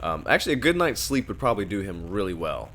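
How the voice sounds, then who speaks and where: A man's voice: fairly low pitch, big pitch swings, fast, a bit bright. A man co-hosting a film review podcast, retelling scenes casually in a rambling way, acting out quotes as he goes. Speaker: podcast co-host.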